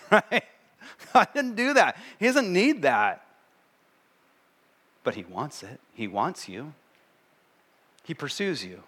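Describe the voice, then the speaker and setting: A man preaching a sermon at a church service in a relaxed, joking way, acting out little voices. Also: on the high side. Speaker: pastor.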